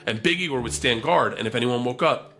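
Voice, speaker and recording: Animated, profane man telling a story. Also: medium pitch, fairly quick. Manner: animated, profane, acts out quotes. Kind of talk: casual anecdote on a podcast.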